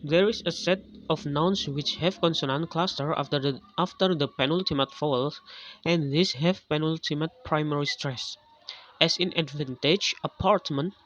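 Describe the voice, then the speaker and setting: A man's voice: a little high, moderate pace, fairly bright tone, a little hiss or hum. A man reading a lesson on English word stress aloud, with frequent restarts on words. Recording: dull lo-fi recording.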